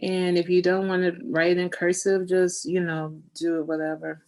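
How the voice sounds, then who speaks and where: Soft, gravelly-voiced woman teaching scrapbooking. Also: fairly low pitch, flat delivery, normal speed. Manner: tearful, soft-spoken, talks while working; down-to-earth, folksy. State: close to tears. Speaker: scrapbooking instructor. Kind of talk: online craft class.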